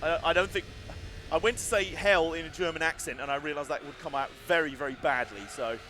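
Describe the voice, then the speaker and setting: A man's voice: a little high, fairly even intonation, a little fast, sharp tone, slight background noise. Chatty man streaming a game. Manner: chatty, self-deprecating, rambling asides. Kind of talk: live-streamed game commentary.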